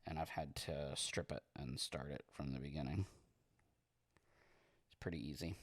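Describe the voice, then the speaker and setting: A man streaming as he paints miniatures, chatting casually in a relaxed, rambling way and reading viewer comments aloud. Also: rumbling low, moderate pace, no room sound. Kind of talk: casual livestream chat while painting.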